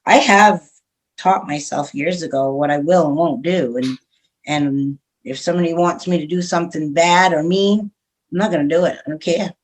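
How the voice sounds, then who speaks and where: A woman's voice: low voice, normal speed. A middle-aged woman chats as a guest on an interview show, speaking her mind frankly and at length. She is a radio host herself and laughs easily as she talks. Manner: frank, talkative, laughs often. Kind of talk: casual interview chat.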